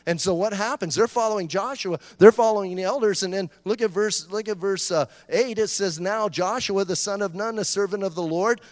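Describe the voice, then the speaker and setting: A middle-aged man preaching a sermon in a lively, conversational way, joking and acting out voices. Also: sits high, fairly quick, hardly any pauses, no room sound, big-room sound. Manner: animated, conversational preaching with jokes and acted-out voices. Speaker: pastor.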